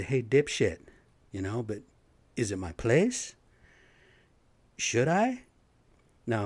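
Blue-collar man venting alone, profane and rambling, low pitch, dead-dry room. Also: darkish tone, dry recording. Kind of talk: casual solo rant.

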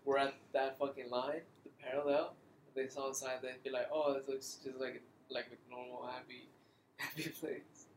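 A man's voice: mid-range voice, little pitch movement, brisk. A man co-hosting a podcast in casual chat, slangy and swearing freely, laughing often. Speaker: podcast co-host. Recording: echoey room with faint noise.

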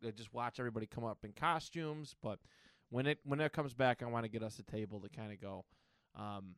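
A man's voice: mid-range voice, a little fast, fairly bright tone, clear, resonant tone, no echo, clean studio sound. A man co-hosting a podcast in casual chat, enthusiastic and full of fillers. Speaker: podcast co-host.

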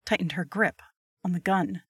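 A woman's voice: lowish voice, moderate pace, fairly bright tone, breathy edge, no echo, clean studio sound. Woman narrating a horror story.

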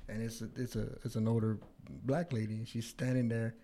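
A man in casual chat, telling a story with lots of swearing and high-pitched quoted voices. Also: a little fast, a little mellow.

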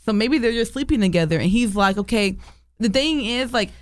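A woman's voice: on the high side, animated, a little fast, no echo. A woman talks through the situation step by step in a casual chat with friends. Her voice sounds close and dry. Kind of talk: casual group discussion.

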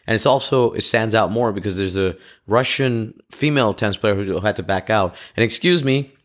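Rambling low-voiced man. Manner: rambling, halting, frequent restarts, laughs at himself. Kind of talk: casual rambling monologue.

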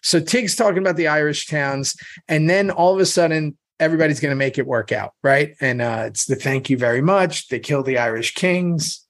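A man's voice: fairly high pitch, brisk, a bit bright. A middle-aged man co-hosting a podcast, telling stories in casual, profane chat and often laughing. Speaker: podcast co-host.

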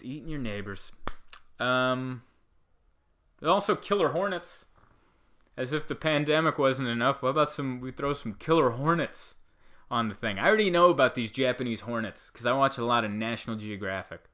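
A man delivering a rambling comedic monologue, animated and full of asides. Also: mid-range voice, normal speed.

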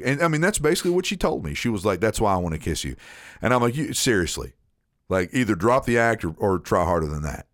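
Man, casual storyteller, low pitch, dry close sound, repeats words, quotes others. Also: sing-song, fast talker, no echo. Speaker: storyteller on a chat show.

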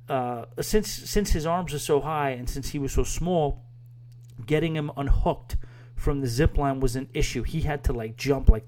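A man's voice: medium pitch, dark tone. Chatty man rambling through a review. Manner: rambling, chatty, with frequent fillers and restarts. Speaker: podcast host. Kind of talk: casual spoken review.

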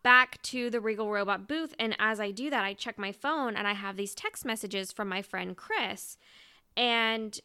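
A young woman co-hosts a fan podcast and recounts her stories in an animated, emotional rush, with "like" threaded all through them. Her voice is bright and crisp, with a gravelly fry at the ends of phrases. The recording is close and dry. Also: mid-range voice, moderate pace, dry recording. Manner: animated, emotional storytelling full of "like". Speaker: podcast co-host. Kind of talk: casual chat.

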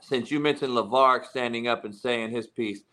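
A man's voice: medium pitch, moderate pace, bright, forceful tone. A man hosting a sports talk show, chatting loosely and throwing leading questions at his guests.

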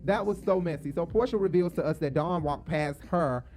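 A man's voice: fairly high pitch, a little fast, a little mellow. A man giving blunt, profane, sassy commentary while reacting to a reality show.

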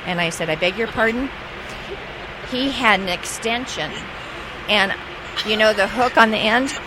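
A woman who works as a flight attendant, telling an anecdote in a lively way and acting out the dialogue. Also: medium pitch, normal speed, background noise. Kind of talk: anecdote told in an interview.

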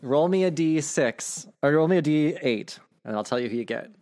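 Gravelly-voiced man running a tabletop game. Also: fairly high pitch, moderate pace. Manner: relaxed, explains rules, swears casually. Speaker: game master.

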